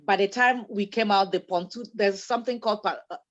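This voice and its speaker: A woman telling a personal story in a casual group discussion, lively and laughing as she goes. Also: medium pitch, a little fast, lo-fi sound. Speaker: panelist.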